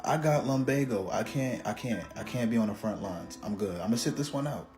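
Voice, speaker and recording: A man's voice: medium pitch, animated, a little fast, music in the background. A man doing a comedic, profane casual rant with exaggerated jokes.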